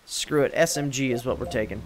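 A man's voice: medium pitch, a little fast, background noise. A man giving let's play commentary, swearing and yelping in frustration as he plays. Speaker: gameplay commentator.

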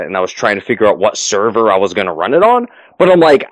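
A man's voice: lowish voice, very animated, fairly quick, hardly any pauses, no echo, low-quality recording. A man running a tabletop game as game master, narrating the finale and then chatting loosely with many fillers and restarts.

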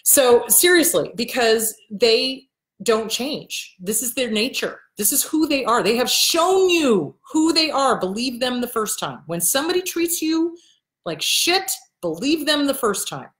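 A woman's voice: fairly high pitch, expressive, measured pace, fairly bright tone, reverberant. A woman counselor talking casually to her viewers, blunt and emphatic, repeating her key points and swearing now and then. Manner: acts out quoted people in a shifted voice. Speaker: host and counselor answering viewer questions. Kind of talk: casual advice talk to camera. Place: indoors in front of a backdrop.

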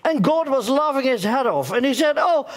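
A bumbling, self-mocking old stage comedian, as a man puts him on, stammering through his routine with little chuckles. His voice sits very high and leaps lively up and down. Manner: stammering, halting delivery with chuckles. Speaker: introducer doing a comedy act. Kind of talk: live stage comedy impression. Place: theater stage before an audience.

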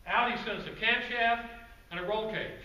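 A man giving a guest-speaker presentation to a club audience, telling stories in a relaxed, conversational way with asides to the crowd. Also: high-pitched, moderate pace, lo-fi sound. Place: meeting room with an audience. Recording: roomy, distant, faint background noise.

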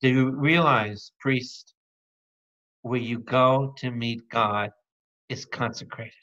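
Priest leading a Bible study: man, bright tone, slow and playful, dull lo-fi recording. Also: medium pitch, fairly even intonation. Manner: calls out to the audience with repeated questions; playful, jokes and breaks into song. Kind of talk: lively Bible study teaching.

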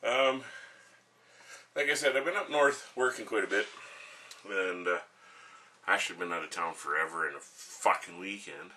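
A man's voice: deep voice, moderate pace, pauses often, sharp tone, far from the mic. Middle-aged guy ranting at home, cussing nonstop, tense punchy voice. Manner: crude, swears constantly, rambling. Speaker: vlogger. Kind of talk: profane rant to camera.

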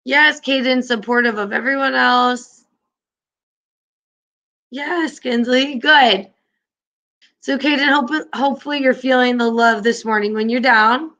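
Upbeat encouraging woman teacher, bright. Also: sits high, fairly even intonation, measured pace, long pauses, dull audio. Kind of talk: online class lesson.

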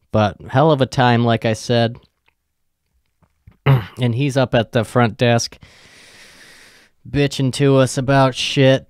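A man's voice: mid-range voice, darkish tone, clean tone, no echo, studio quality. A young man hosting a podcast, telling a rambling story from work, swearing often and trailing off with ums. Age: young adult. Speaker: podcast host. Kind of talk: casual storytelling.

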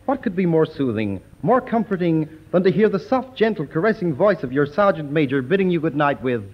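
Brief: male radio comedian, archival stand-up, mock-solemn patter, animated pitch. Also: fairly quick, muffled recording.

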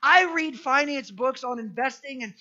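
A man preaching a sermon as pastor, telling the story in a lively, conversational and jokey way, often restarting his sentences. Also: extremely high pitch, normal speed, lo-fi sound. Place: church.

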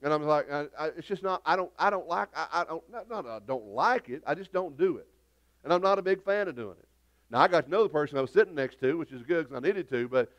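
Folksy pastor preaching. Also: male voice, fairly high pitch. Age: middle-aged. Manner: folksy, rambling storytelling with many restarts. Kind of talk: sermon. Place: church sanctuary.

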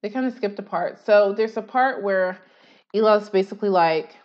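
A woman's voice: medium pitch, moderate pace. Woman host, sarcastic reaction commentary, slightly dull lo-fi sound. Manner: sarcastic, animated retelling with mocking quotes. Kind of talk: casual commentary reacting to a video.

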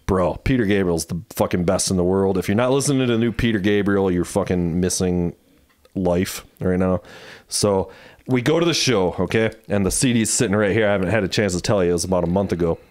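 A man hosting a podcast, telling a long story in loose, profane casual chat full of fillers, his voice jumping up high when he quotes people. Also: fairly quick, a little mellow. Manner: jumps high in pitch when quoting others. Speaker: podcast host.

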